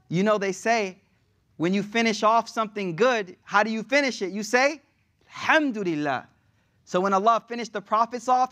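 A man's voice: sits high, normal speed, fairly bright tone. A man preaching a storytelling sermon, acting out quoted speech and slipping in Arabic phrases between casual asides.

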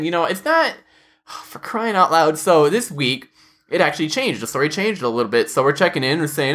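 A woman's voice: low voice, expressive, brisk, a bit bright. A woman hosting a casual podcast chat, telling work stories as a postal carrier, acting out coworkers' voices and laughing often. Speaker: podcast host.

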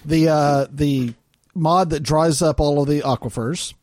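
A man's voice: on the high side, steady tone, measured pace, darkish tone, dry recording. A man from Arkansas co-hosting a podcast, talking casually with lots of fillers and restarts. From Arkansas, United States. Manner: hesitant, many fillers and restarts. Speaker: podcast co-host. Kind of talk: casual chat.

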